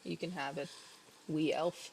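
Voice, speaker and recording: Woman putting on a gruff giant bouncer. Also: steady tone, unhurried, darkish tone, slight background noise. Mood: offhand. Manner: attempted deep voice, laconic. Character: huge gruff male Goliath bouncer.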